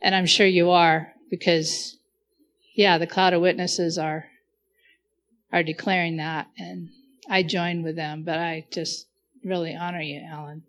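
A woman with a low, even voice speaks slowly and reverently. Her praise is soft and heartfelt, delivered without much rise or fall. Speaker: participant in an online faith group. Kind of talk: heartfelt spoken tribute.

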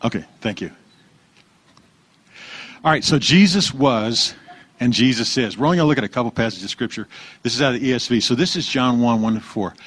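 A man preaching a conversational sermon, relaxed, asking the congregation questions and repeating their answers. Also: medium pitch, fairly quick, long pauses, slightly rough, dry recording. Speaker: pastor.

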